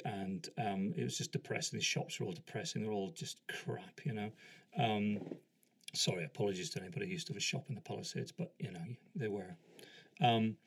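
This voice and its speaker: A man's voice: lowish voice, gravelly. A man hosting a podcast, telling a long personal story in a rambling, self-deprecating way and acting out the other people in it. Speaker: podcast host. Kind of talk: casual storytelling monologue.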